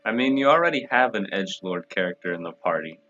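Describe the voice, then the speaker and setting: A young man with a low, bright voice throws teasing wisecracks while co-streaming a game. His banter is loose and casual. The mic sounds dull and lo-fi, with faint game music underneath. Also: lively intonation, fast talker. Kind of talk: casual let's-play commentary.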